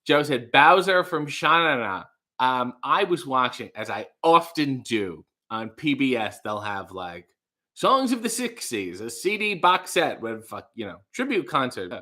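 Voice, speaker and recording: A man's voice: medium pitch, big pitch swings, moderate pace, sharp tone. A man hosting a casual livestream, reading chat messages aloud, rambling and trailing off into mumbles. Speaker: livestream host.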